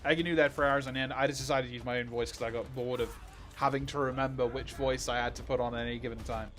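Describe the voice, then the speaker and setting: A man reacting excitedly on a live stream, exclaiming and reading viewer questions. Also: medium pitch, quick pace, faint music behind.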